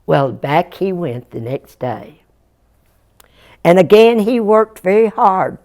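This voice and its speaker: A woman's voice: fairly low pitch, very animated, slow, a little mellow. A woman telling a Jack tale as a folk storyteller, folksy and chuckling, speaking straight to her young listeners.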